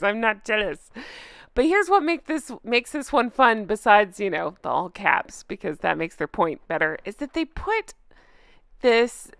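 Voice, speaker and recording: High, lively, sarcastic woman commentator. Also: measured pace, gravelly, dry recording, studio quality. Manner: sarcastic, laughs often. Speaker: YouTube commentary host. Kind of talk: casual commentary reading comments aloud.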